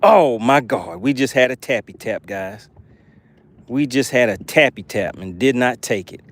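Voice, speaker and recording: A young man hosting a live fishing stream from a boat outdoors, talking excitedly to viewers and joking with made-up words. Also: medium pitch, measured pace. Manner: animated, hypes viewers, playful made-up words. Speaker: fishing channel host.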